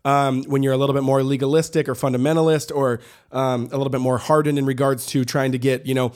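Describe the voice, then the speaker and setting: A man's voice: medium pitch, level tone, quick pace, a little mellow. A man co-hosting a podcast, talking in an upbeat, conversational way. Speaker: podcast co-host. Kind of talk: casual podcast discussion.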